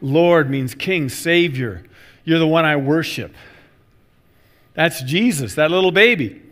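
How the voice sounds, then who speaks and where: A man's voice: fairly high pitch, slow pace. A middle-aged male pastor preaching a sermon, telling stories with acted-out voices and repeating key phrases for emphasis. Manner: animated storytelling with acted-out voices.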